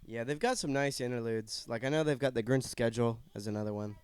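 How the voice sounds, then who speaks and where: A man co-hosting a podcast in casual chat, enthusiastic and excitable. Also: mid-range voice, fast, clear, resonant tone, dry recording. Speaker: podcast co-host.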